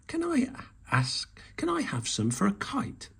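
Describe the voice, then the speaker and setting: Storybook mouse, small and squeaky, sniffly, husky tone, read by a man. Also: wildly swooping pitch, unhurried, fairly bright tone, heavily acted. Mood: hesitant.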